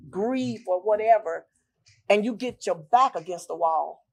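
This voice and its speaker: An older woman on a talk show tells a personal story with deep emotion, acting out what others said and repeating phrases. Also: a little slow.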